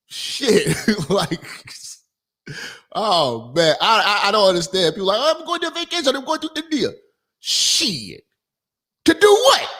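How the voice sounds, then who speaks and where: High-voiced, animated man hosting a crude radio rant. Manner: loud, rambling, profane, laughs often. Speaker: radio show host.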